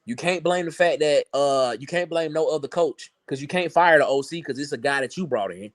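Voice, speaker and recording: A sports talk co-host with a fairly high-pitched voice, speaking a little fast, reacts casually on a sports show. He's emphatic and sarcastic, often repeating words as he builds his point. The recording is dry and of studio quality.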